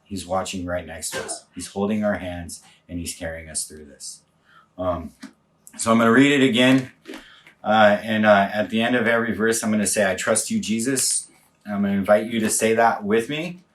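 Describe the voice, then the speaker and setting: A man with a lowish voice leads a quiet morning devotion as a pastor, pausing often and restarting his sentences as he reflects. He sounds a little distant from the microphone, with faint noise underneath. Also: steady tone. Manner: halting, reflective, many fillers and restarts. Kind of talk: live-streamed morning devotion.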